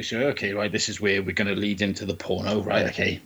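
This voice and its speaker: A man in casual chat, retelling a film in a crude, sweary and animated way and acting out its lines. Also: fairly low pitch, fast, a little hiss or hum.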